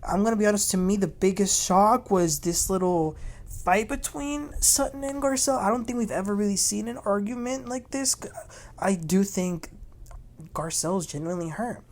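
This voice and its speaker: A woman's voice: medium pitch, normal speed, darkish tone, a little hiss or hum. A woman hosting a casual reality TV recap, telling the story in a chatty, gossipy way and acting out the quotes.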